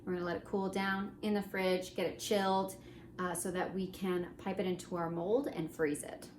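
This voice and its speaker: A woman's voice: lowish voice, level tone, moderate pace, roomy sound, distant mic, a little hiss or hum. A woman hosting a baking demonstration, goofy and playful, joking and chatting to herself as she works in a kitchen. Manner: goofy, jokes and chats to herself while working. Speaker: baking show host.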